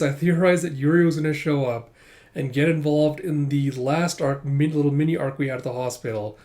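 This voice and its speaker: A man's voice: a little high, darkish tone. Chatty man laughing through manga commentary. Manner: chatty, laughing, swears casually. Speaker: manga reviewer. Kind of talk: casual chapter read-through commentary.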